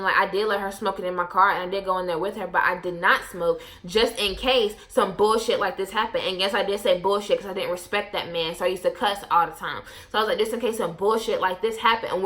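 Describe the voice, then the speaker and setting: Bright-voiced young woman, brash storyteller. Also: medium pitch, a little fast. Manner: blunt, profane, animated storytelling with quoted asides. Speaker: vlogger. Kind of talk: casual storytime chat.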